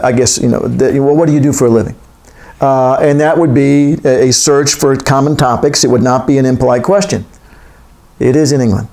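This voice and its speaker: A man's voice: mid-range voice, darkish tone. A man giving a classroom lecture, reading from a text and wandering into joking asides.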